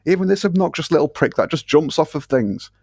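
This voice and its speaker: A man on a podcast complains bluntly, swearing as he goes. His voice sits at an ordinary pitch and sounds dry and close to the mic. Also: animated, brisk, darkish tone, breathy edge, no echo. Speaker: podcast guest. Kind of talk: casual podcast chat.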